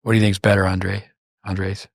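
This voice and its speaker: A man's voice: deep voice, little pitch movement, normal speed, gravelly, dry recording, studio quality. An older man hosting a podcast, telling long rambling anecdotes full of fillers and restarts in casual chat. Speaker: podcast host.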